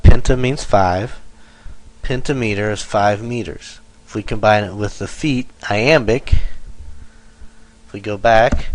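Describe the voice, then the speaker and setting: A man's voice: fairly low pitch, low-quality recording. A male teacher giving a lesson, explaining step by step and correcting himself as he goes. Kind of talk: lecture over slides.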